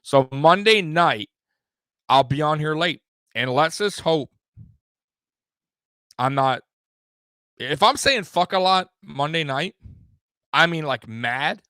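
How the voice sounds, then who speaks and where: A young man hosting a live sports show, swearing freely and rambling with sudden loud bursts. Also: on the high side, animated, slow, pauses often, no room sound. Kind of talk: casual live-stream sports talk.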